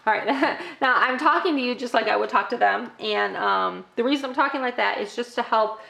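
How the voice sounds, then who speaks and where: A woman's voice: fairly high pitch, brisk, creaky, pushed and bright. A middle-aged woman teaching parents a toddler activity, often breaking into exaggerated sing-song child-directed talk. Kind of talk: instructional demo for parents.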